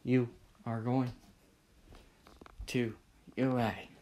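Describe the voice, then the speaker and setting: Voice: mid-range voice, level tone, drawn-out words, mellow, slight background noise. A storyteller voicing a tired schoolteacher addressing a class in a dry, matter-of-fact way. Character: weary middle-aged schoolteacher.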